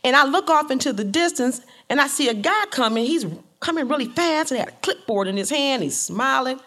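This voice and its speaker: Animated woman telling her own story. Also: high voice, a little fast. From Detroit, USA. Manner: animated, colloquial, acting out her own reactions. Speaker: home care worker and community organizer telling a personal story. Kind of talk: personal storytelling performance.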